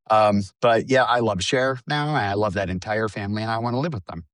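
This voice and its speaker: A man's voice: on the low side, a little fast, a bit bright, no echo. A man in his fifties chatting casually as a podcast co-host, wry and self-mocking, laughing often. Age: 50s. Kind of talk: casual chat.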